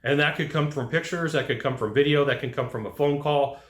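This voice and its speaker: A man giving casual advice to HVAC technicians, telling lively work stories and acting out what people said. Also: fairly high pitch, fairly quick, roomy sound. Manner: animated storyteller who acts out quotes. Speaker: HVAC sales trainer.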